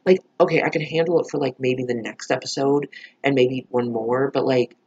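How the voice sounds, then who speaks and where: A man's voice: medium pitch, normal speed, darkish tone, slightly rough, dull audio. A man reviewing a TV episode in a casual vlog, rambling with lots of "like" and frequent swearing.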